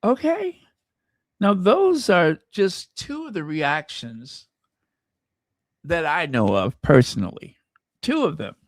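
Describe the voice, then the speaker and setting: A man's voice: a little high, very animated, slow pace, no room sound, studio quality. A man from the United States hosting his channel, giving sassy, mocking casual commentary. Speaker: channel host.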